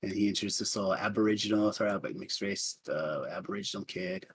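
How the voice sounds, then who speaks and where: A man's voice: fairly low pitch, big pitch swings, quick pace, vocal fry, few pauses, slightly rough. A man narrating as game master of a tabletop game, rambling with many fillers.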